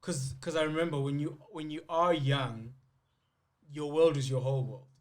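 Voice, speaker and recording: A man's voice: on the high side, steady tone, normal speed. A man co-hosting a podcast in casual chat, speaking reflectively and often restarting his sentences. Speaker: podcast co-host.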